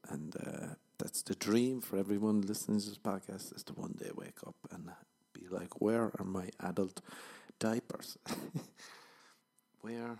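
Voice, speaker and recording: A man's voice: deep voice, fairly even intonation, normal speed, darkish tone. A young Irish man, a comedian hosting his own podcast, rambling in a profane, self-mocking casual monologue with a tired voice. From Ireland. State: tired voice from overuse. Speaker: stand-up comedian and podcast host.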